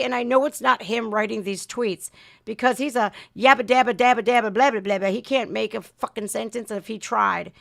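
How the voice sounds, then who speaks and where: Ranting higher-voiced woman. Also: creaky, a bit bright, no echo, clean studio sound. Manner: heated, profane, mocking asides. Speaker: reaction streamer. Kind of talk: ranting reaction commentary.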